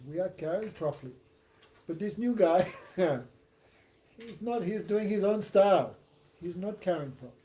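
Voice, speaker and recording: A man putting on the voice of a group of frightened palanquin carriers who beg the king and blame the newcomer. The voice stays near the storyteller's own, anxious and pleading, with a fairly high male pitch. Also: lively intonation, normal speed, pauses often, warm tone, slight background noise.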